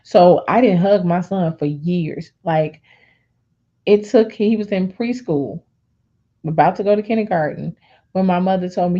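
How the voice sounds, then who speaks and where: A woman's voice: on the low side, moderate pace, muffled recording. A woman sharing a candid personal testimony on a faith talk show, telling her story directly to her listeners.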